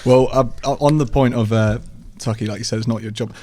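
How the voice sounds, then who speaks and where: A man's voice: medium pitch, fairly even intonation, fast talker, a crowd in the background. A man co-hosting a podcast in casual chat, speaking earnestly with a dry tone. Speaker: podcast co-host.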